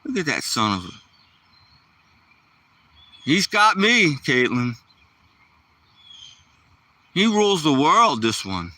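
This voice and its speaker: A man's voice: fairly high pitch, big pitch swings, slow, long pauses, sharp tone, distant mic. A man chatting casually while walking his dog outdoors, rambling and joking to the dog and the camera. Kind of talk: casual vlog chat.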